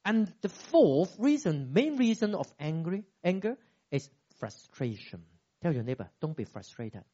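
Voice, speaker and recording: A man in his fifties preaching a sermon as a pastor, animated and acting out quoted dialogue with sudden pitch jumps. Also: unhurried, highs cut off.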